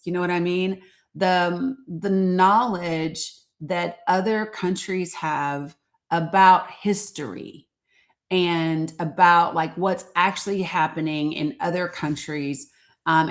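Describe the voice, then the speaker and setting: A woman's voice: fairly low pitch, unhurried. An American woman hosting a casual live stream, talking in a candid, outspoken, conversational way. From United States. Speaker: livestream host.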